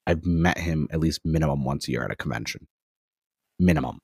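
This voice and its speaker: A man's voice: rumbling low, brisk, husky, no echo, clean studio sound. A man in his thirties, a podcast guest in casual chat, telling long anecdotes full of acted-out quotes. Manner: rambling storyteller, heavy on "I was like" quotes.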